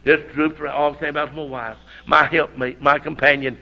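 A man's voice: fairly high pitch, level tone, brisk, creaky. A middle-aged man with a Southern US accent and a sore throat, preaching a folksy, fervent revival sermon on a dull lo-fi recording. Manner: folksy storytelling, fervent, rising to shouts.

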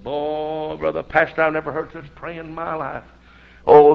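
Animated older preacher, gravelly. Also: male voice, fairly high pitch, moderate pace, dull audio. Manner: folksy, animated storytelling with shouted outbursts. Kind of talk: storytelling sermon.

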